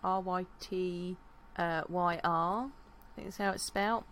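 A woman co-hosting a podcast, talking in an easygoing, relaxed way with some fillers. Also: on the low side, a little slow, low-quality recording. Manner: relaxed, easygoing, brief agreeing replies. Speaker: podcast co-host. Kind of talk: casual chat.

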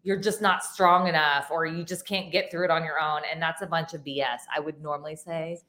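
A woman co-hosts a relaxed podcast chat with a bright, forceful tone set a little low. She talks with emphasis and acts out her past self when she tells a story. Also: a little fast. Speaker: podcast co-host. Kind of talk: casual chat.

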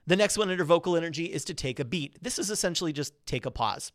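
A man hosts a coaching podcast in a fairly high, energetic voice. He talks quickly but lets key points land with pauses and melodic emphasis. The sound is dry and close, with no room around it. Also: no echo. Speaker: podcast host. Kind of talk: coaching talk on presenting.

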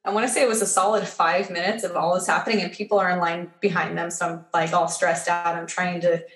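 A woman's voice: lowish voice, little pitch movement, fast, a bit bright, roomy sound. A woman guest telling a personal story in a casual podcast chat. She talks with lots of fillers and acts out the dialogue she quotes.

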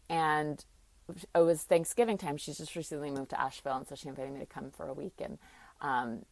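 A woman in her thirties with a low, deep voice opens up about her own life in a reflective, searching way. She rambles warmly with fillers and restarts, and the sound is dry and close, with no room around it. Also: fairly even intonation, moderate pace, pauses often, no room sound. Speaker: personal storyteller. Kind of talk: candid personal story.

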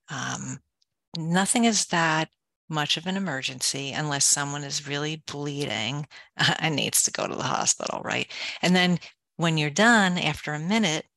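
Brisk, practical woman with gravelly edges. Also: low voice, no room sound. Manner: energetic, gives practical step-by-step guidance; self-described go-go person. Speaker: author and interview guest. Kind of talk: conversational advice in an interview.

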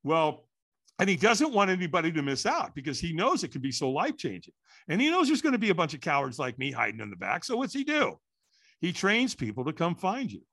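A man telling a story in an animated way, acting out the quotes and sounds. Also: on the high side, a little fast, creaky. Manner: lively, acts out quotes and sounds.

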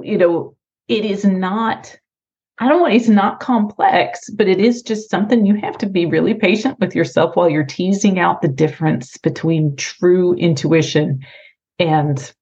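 A woman hosting a podcast over a call, speaking thoughtfully and pausing between phrases. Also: fairly low pitch, darkish tone. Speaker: podcast host. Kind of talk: casual conversation. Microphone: remote call. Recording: slightly muffled call audio.

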